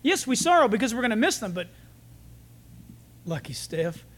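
A man's voice: very high-pitched, big pitch swings, moderate pace, noisy background. A male pastor giving a sermon, telling stories and jokes in a conversational way.

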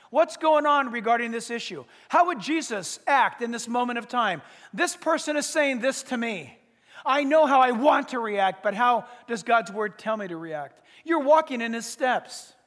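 High-voiced preacher man in a hall. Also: a bit bright. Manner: emphatic, repeats "listen" to press points. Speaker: pastor. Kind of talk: sermon. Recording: reverberant hall.

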